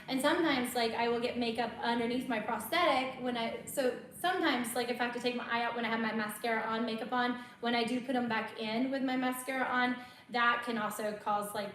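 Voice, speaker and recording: A woman's voice: fairly high pitch, brisk, a bit bright. A woman, chatting casually as host and telling stories with a lot of laughter. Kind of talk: casual chat. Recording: very echoey room, faint noise.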